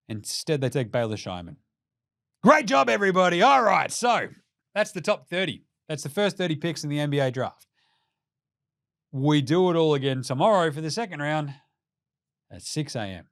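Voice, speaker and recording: Aussie bloke ranting about basketball, swears a lot, voice jumps all over, kinda high, dry close sound. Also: male voice, brisk, dry recording. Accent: Australian. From Australia. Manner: animated, sweary, mocking. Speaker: podcast host. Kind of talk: casual commentary rant.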